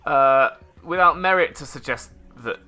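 A man's voice: fairly high pitch, unhurried, bright, forceful tone, faint music behind. A man giving rambling let's play commentary, correcting himself as he goes with dry little asides. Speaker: gameplay commentator.

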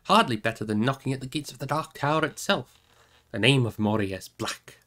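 A man's voice: medium pitch, fairly quick, sharp tone, lightly acted. A man reading aloud voices a proud male warrior who speaks bluntly and objects with force. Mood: wary. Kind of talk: audiobook reading.

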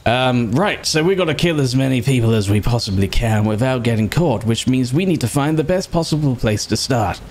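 A British man giving casual, excitable gameplay commentary, sarcastic and quick to swear. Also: medium pitch. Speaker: gaming streamer.

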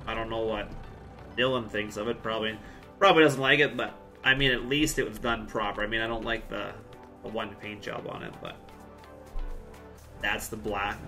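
Streaming a game live, this man from Central Alberta, Canada, talks casually and tosses jokey asides while replying to chat. His medium-pitched voice sounds pushed and bright.

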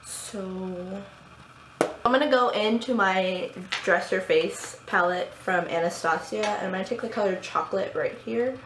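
A woman's voice: medium pitch, unhurried, a crowd in the background. A young woman with a slight lisp from new braces, chatting casually through a makeup tutorial. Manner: chatty, casual, with frequent fillers. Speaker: beauty vlogger. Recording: echoey room, faint background hum.

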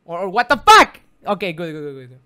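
A man whose first language is Spanish, streaming a game live with excitable, theatrical commentary that jumps from muttering to yelping. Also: sits high, fast, clean tone. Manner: excitable and theatrical, swinging between mutters and yelps. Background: game music.

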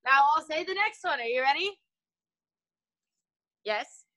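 A woman runs a children's martial arts class over a video call, her voice high and bright. She teases the kids playfully and keeps things upbeat. The sound is that of a laptop call. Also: animated, a little slow.

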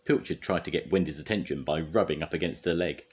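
An older man reading a children's storybook aloud in a gentle, expressive way. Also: a bass voice, quick pace, slight background noise.

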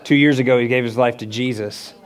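Briskly, a middle-aged pastor moves through a personal story during his sermon. He's animated throughout, voicing the characters with big leaps in pitch.

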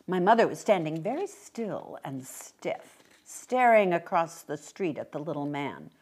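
A woman reads a story aloud in a low voice with a lively, varied pitch. Her narration is expressive and brisk. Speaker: reader. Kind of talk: dramatic story reading.

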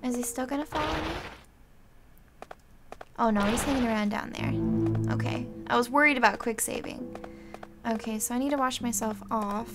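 A woman hosting a let's play, excitable, reading game text aloud between gasps and squeals. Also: on the high side, moderate pace, pauses often. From United States. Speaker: gaming video host. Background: game music.

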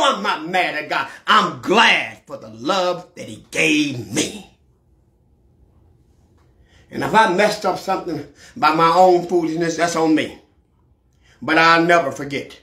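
Fiery preaching pastor in an echoey church. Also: male voice, fairly high pitch. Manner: preaching with sudden shouted climaxes. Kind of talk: sermon. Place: church sanctuary.

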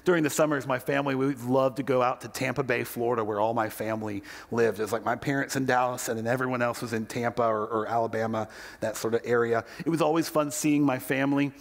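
A man's voice: medium pitch, steady tone, fast talker, creaky, long reverb tail. A male pastor giving a sermon and telling a story, acting out the quoted voices as he goes.

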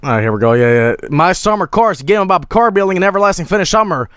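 Streamer, male, a bit high-pitched, crude joking rambles, dry close sound. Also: lively intonation, very fast, fairly bright tone, smooth, dry recording. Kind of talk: casual gameplay commentary.

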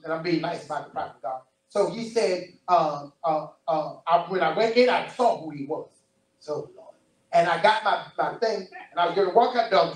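Man, preacher, high voice, animated repetitive sermon, roomy hall, distant mic. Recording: roomy distant church recording.

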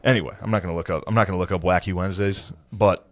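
Low-voiced man telling a profane story. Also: fairly even intonation, rapid-fire, no room sound, clean studio sound. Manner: profane, rambling anecdote with put-on quotes. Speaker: podcast co-host. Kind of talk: casual storytelling chat.

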